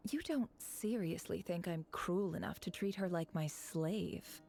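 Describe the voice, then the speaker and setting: A self-assured game character who bosses her helper around with dry, teasing wit. Her voice sits low and mellow, with faint game music underneath. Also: a little slow. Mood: sardonic. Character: sardonic bossy woman employer, dry and self-assured. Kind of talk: video game voice acting.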